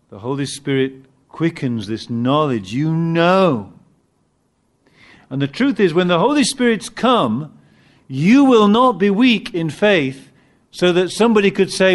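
A man preaching a sermon, animated and emphatic at times, with halting restarts as he searches for words. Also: fairly high pitch. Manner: animated, rising to emphatic peaks.

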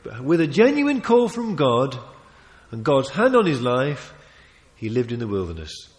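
A man preaching a sermon, emphatic and animated, often restarting his phrases and adding asides. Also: mid-range voice, a little slow. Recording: long reverb of a large hall.

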